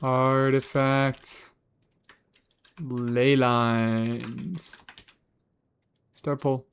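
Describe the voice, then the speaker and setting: A sarcastic young man talks to his live chat from a home gaming setup, teasing viewers and swearing freely. His voice is smooth and clear, sitting at an ordinary middle pitch, picked up on a desk mic. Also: steady tone, drawn-out words, pauses often. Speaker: streamer. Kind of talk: casual game stream chat.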